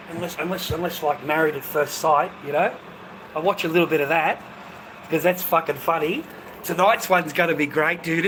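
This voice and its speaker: An Australian man in a profane, rambling casual chat to viewers, breaking into loud bursts. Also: fairly high pitch, a little hiss or hum.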